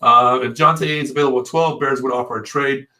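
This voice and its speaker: A man co-hosting a casual live sports talk show, an excitable storyteller who swears freely. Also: mid-range voice, a little fast. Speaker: podcast co-host.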